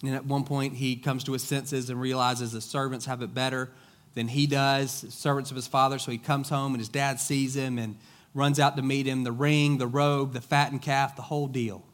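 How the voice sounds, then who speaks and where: A man's voice: medium pitch, flat delivery, normal speed. A middle-aged man preaching a conversational sermon as a pastor, casual and joking, telling stories in plain everyday speech. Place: church sanctuary.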